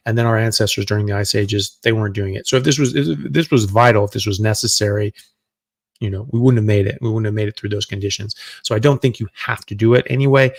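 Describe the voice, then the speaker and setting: A man's voice: on the low side, creaky, dry recording. A middle-aged man, a doctor hosting a live Q&A, answering viewer questions in a loose, conversational way as he thinks aloud.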